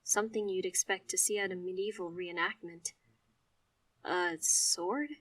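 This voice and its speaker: A woman, telling a first-person story in an expressive, emphatic way. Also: fairly low pitch, fairly quick, no echo, recorded from a distance.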